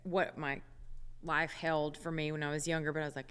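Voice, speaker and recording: A woman's voice: low voice, a little fast, a bit bright, smooth, big-room sound. A woman singer chatting as a radio interview guest, with many fillers and laughs, in a studio. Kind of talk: casual radio interview chat.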